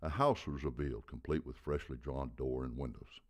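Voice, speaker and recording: A man with an extremely low, deep voice reads a story aloud. His narration is measured, and he slows down to land key details. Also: steady tone, slightly rough.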